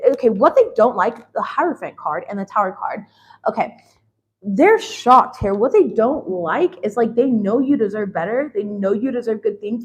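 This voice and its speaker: A woman's voice: on the high side, rough recording. A young adult woman giving a casual tarot reading, blunt and laughing often, swearing freely. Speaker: tarot reader.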